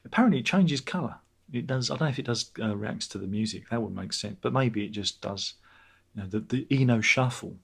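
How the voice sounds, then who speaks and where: A man hosts a casual livestream from home, rambling and reading chat aloud with dry, sardonic asides. His voice is husky and of middling pitch. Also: lively intonation, brisk. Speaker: livestream host.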